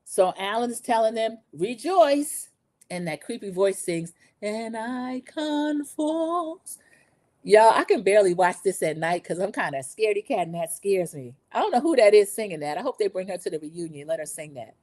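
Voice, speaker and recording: Woman, middle-aged, casual recap host, opinionated, chatty, mid pitch, dry close mic. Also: fast, few pauses, darkish tone, dry recording. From lived in the American South over twenty years. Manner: chatty, opinionated, addresses viewers as y'all.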